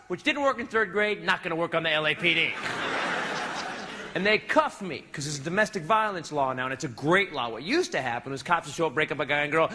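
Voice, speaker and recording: A male stand-up comedian telling a story on stage in a brash, self-mocking and animated way. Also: sits high, brisk, background noise.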